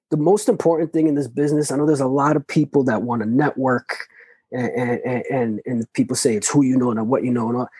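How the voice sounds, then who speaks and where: A man's voice: mid-range voice, a little mellow, breathy edge, dry recording. A man, a guest in a casual interview, speaking earnestly and frankly with some swearing.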